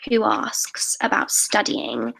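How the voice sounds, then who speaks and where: A woman's voice: a little high, sing-song, slow, gravelly, bright, forceful tone, rough recording. A teenage girl from England, chatting eagerly to viewers in a live question-and-answer stream, often restarting her sentences. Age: late teens. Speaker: YouTuber hosting a live Q&A. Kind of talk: casual live-stream chat.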